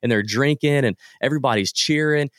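A man, a guest on a podcast, telling lively anecdotes in a casual way and acting out the people he quotes. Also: mid-range voice, brisk, no echo, studio quality. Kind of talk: casual storytelling.

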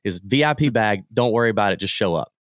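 A man, a guest on a podcast, telling lively anecdotes in a casual way and acting out the people he quotes. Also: lowish voice, fast talker, dry recording, studio quality. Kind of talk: casual storytelling.

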